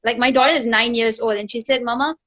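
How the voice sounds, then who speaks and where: High-voiced animated woman interview host. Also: quick pace. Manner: animated storyteller, laughs often. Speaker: talk show host. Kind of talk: conversational interview.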